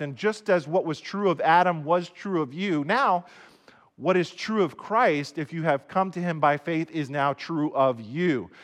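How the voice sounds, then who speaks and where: A man's voice: a little high, fairly bright tone. A man preaching a casual, conversational sermon to viewers at home, often repeating words as he restarts. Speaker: pastor. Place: recorded for online viewers at home.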